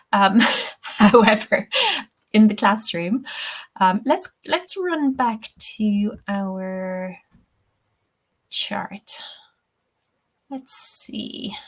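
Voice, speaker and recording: A woman, a tutor answering questions in a live webinar, chatty and thinking aloud with many ums. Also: mid-range voice. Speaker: English-teaching tutor.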